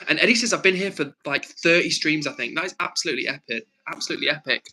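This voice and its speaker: A man's voice: on the high side, lively intonation, a little fast, sharp tone, rough recording. A young man from England hosting a live stream, reading out chat messages and answering viewers in a friendly, chatty way, with a frog in his throat. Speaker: livestream host.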